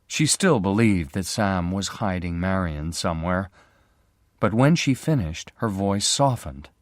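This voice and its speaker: A man narrates a graded reader story in a clear, measured voice. He speaks slowly, and his intonation rises and falls expressively. The sound is close and dry. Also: low-pitched, expressive, no room sound. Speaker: audiobook narrator.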